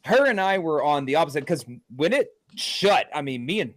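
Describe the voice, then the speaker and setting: A man's voice: on the high side, normal speed, dry recording. Man telling a ghost story, dry sound. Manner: acts out quoted lines with lively energy. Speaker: paranormal investigator. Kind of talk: animated storytelling on a podcast.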